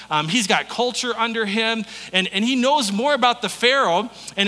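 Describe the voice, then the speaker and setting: A man's voice: sits high, pushed and bright, in a large hall. A male pastor giving a sermon in a conversational, storytelling way.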